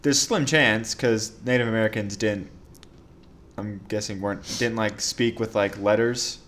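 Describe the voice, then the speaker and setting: A man co-hosts a casual podcast and keeps cutting in with sarcastic comments. He talks in halting, broken-off phrases. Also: on the low side, steady tone, a bit bright. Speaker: podcast co-host.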